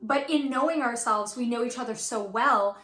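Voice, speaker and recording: A woman's voice: a little high, normal speed, pushed and bright, roomy sound. A woman coach chatting casually and effusively about her relationship, full of "like" and "right". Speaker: twin flame coach. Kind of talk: casual chat.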